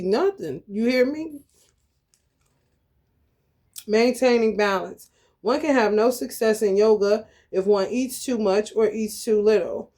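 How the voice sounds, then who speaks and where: A woman's voice: medium pitch, warm tone. Blunt, profane woman preaching casually. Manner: blunt, profane, streetwise talk; reads scripture aloud then riffs on it. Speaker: spiritual channel host. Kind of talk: casual spiritual monologue.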